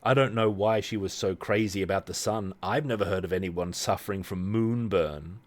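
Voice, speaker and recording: A man's voice: deep voice, normal speed. A man streaming a game live, reading the story aloud with playful joking asides.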